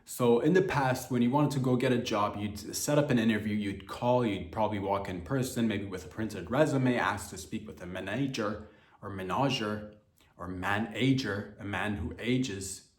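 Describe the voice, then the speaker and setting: Rambling, cursing comedy podcast host, roomy sound. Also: male voice, on the low side, moderate pace. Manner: jumps between mock voices and loud outbursts, swears freely.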